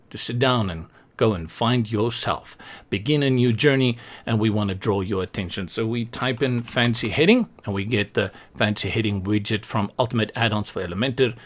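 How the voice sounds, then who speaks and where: A man hosting a web design tutorial, talking casually over a screen recording with joking asides and a self-deprecating manner. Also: on the low side.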